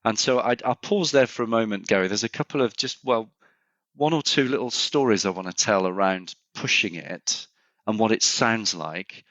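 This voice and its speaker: A man's voice: lowish voice, moderate pace, a bit bright, no echo. A middle-aged man, a consultant guest on a podcast, telling stories and thinking aloud with many restarts. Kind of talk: conversational podcast interview. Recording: slightly muffled, dry sound.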